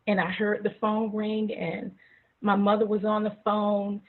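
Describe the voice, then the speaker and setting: A woman telling a personal story slowly and dramatically on a video call. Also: medium pitch, level tone. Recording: tinny phone-like audio.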